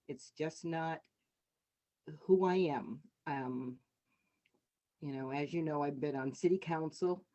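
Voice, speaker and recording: A woman's voice: low-pitched, mellow. A middle-aged woman and city councilor giving candid personal testimony over a video call. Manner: candid, conversational storytelling. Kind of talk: personal testimony at a community meeting.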